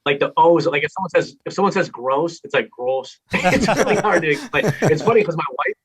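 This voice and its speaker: A man's voice: on the high side, animated, quick pace, over a noisy crowd. A man with a Minnesotan accent, a radio host chatting as an interview guest, rambling and laughing often. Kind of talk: casual interview chat. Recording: dull lo-fi remote audio.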